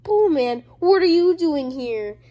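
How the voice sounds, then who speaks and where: A woman's voice: high-pitched, slow pace, a little mellow. A woman voicing a whiny, panicky jailed man from her own comic.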